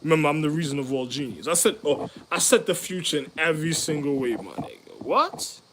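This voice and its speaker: Full of street slang and profanity, this man's rambling monologue lurches between laughing outbursts and quiet mutters. He talks fairly quickly over slight background noise.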